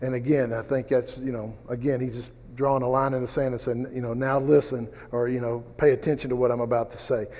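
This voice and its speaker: A man's voice: medium pitch, little pitch movement, fast talker, few pauses, darkish tone, long reverb tail. A man teaching a conversational Bible study class, rambling through personal stories and asides. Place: church classroom.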